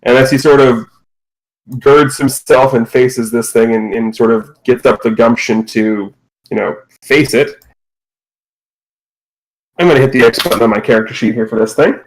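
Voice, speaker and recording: A man narrating as game master of a tabletop game, relaxed and with many fillers. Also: medium pitch, normal speed, long pauses, a little hiss or hum, poor audio.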